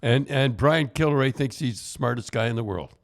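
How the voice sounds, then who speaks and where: A man's voice: mid-range voice, moderate pace. An older Canadian man chatting casually on a podcast, rambling through old stories and stumbling over repeated words. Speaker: podcast host, former hockey coach. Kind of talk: casual storytelling chat.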